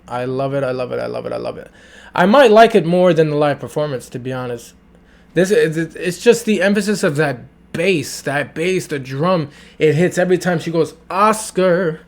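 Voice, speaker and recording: A man's voice: a little high, animated, moderate pace. A man reacting to and breaking down a song in a casual, enthusiastic review, often repeating himself and singing along. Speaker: music reviewer.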